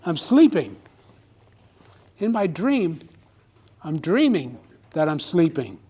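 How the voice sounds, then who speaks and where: A man's voice: fairly high pitch, very animated, slow pace, dark tone, breathy edge. A man giving a humorous speech at a club meeting, telling a comic story to a live audience. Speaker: club speaker.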